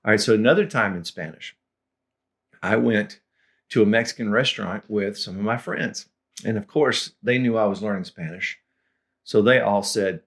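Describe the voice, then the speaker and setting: A middle-aged man with a lowish voice tells stories from his own learning as a language tutor. He is relaxed and chuckles as he goes, clearing his throat now and then. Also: moderate pace. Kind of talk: anecdotal lesson storytelling.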